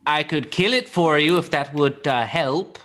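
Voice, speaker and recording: A small, jittery thief stammers out flattery to keep himself alive, played by a man in an improv scene. His voice sits high and eager, and he keeps fawning over whoever he is talking to. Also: unhurried. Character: small nervous male thief, groveling and flattering.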